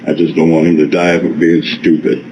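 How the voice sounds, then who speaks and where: Man, low, calm, rambling, placating, muffled noisy bodycam audio. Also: brisk. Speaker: interviewee, stepfather. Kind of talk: casual account to police.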